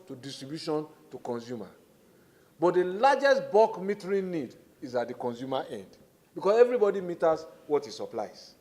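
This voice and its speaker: A middle-aged Nigerian-accented man, acting as a government minister at a formal public hearing, lays out his points in a measured, deliberate way and leans on key words. His voice is slightly high and a little mellow.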